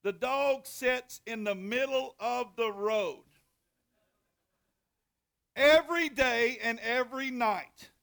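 Middle-aged man, high-pitched pastor; folksy sermon delivery with slow dramatic reading and loud hollers. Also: gravelly. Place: church sanctuary.

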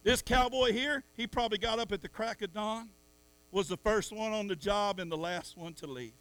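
A middle-aged man preaching a sermon in church, swinging from soft asides to loud calls at the congregation. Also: sits high, moderate pace. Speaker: pastor.

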